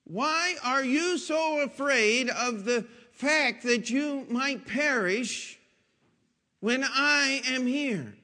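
A man preaching who voices Jesus in a slow, earnest, questioning way. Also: very high-pitched, bright, forceful tone, voice pushed up, full character voice. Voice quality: drawn-out, rising questioning. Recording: long echoing hall reverb.

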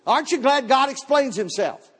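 High-voiced preacher in a hall. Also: male voice, animated, normal speed, fairly bright tone, breathy edge. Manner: storytelling, emphatic, repeats words. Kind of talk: sermon. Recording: long church hall reverb.

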